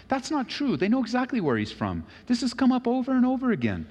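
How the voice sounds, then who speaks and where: Brief: male pastor, lively pitch, sermon delivery, big echoing church hall. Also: fast talker, few pauses, husky. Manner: animated, acts out voices of Bible figures. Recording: long reverb of a large hall.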